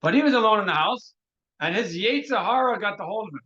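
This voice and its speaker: A man, a rabbi, teaching a Torah workshop through an animated story, often restarting phrases and dropping in Hebrew terms. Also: sits high, quick pace, dull audio.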